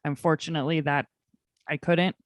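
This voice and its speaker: Candid lower-voiced woman guest. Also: steady tone, normal speed, no echo. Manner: candid, chatty, with frequent fillers. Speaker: podcast guest. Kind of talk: conversational interview.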